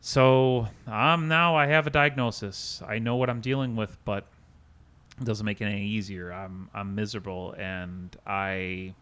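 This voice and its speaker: Lower-voiced man telling a candid story. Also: fairly even intonation, a little slow, a bit bright, clear, resonant tone. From United States. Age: 30s. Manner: candid, rambling with many restarts and quoted dialogue. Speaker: podcast guest. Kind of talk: emotional personal story in interview.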